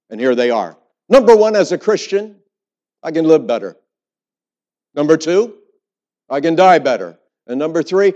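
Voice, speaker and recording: Male preacher, fairly high voice, emphatic, dry humor, church sermon, dull lo-fi sound. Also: animated, normal speed, long pauses, darkish tone. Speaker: preacher and theology professor. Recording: muffled lo-fi sermon recording.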